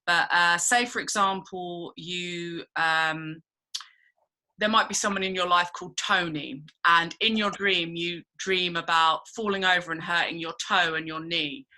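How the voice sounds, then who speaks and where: Bright-voiced woman leading a workshop. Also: lowish voice. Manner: chatty, rambling, many fillers. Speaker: workshop leader. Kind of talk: casual workshop talk.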